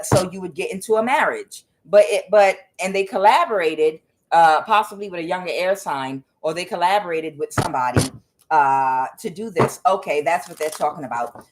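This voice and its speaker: A woman's voice: on the low side, slight background noise, poor audio. Rambling woman reading tarot at home. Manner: rambling, many "uh" fillers, excitable outbursts. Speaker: tarot reader. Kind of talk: casual tarot reading monologue. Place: home with door open.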